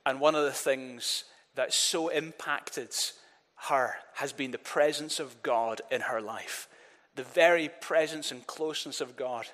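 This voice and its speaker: A man's voice: medium pitch, a little slow, fairly bright tone. A man preaching a sermon in an earnest voice, often repeating words and leading the congregation in call-and-response. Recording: long reverb of a church hall.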